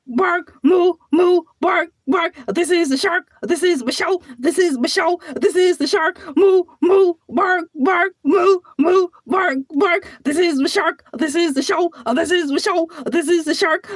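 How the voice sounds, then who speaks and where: Woman playing a boastful male cartoon shark, very high squeaky voice, sighing show host, dry close sound. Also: no echo. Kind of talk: comedy character monologue.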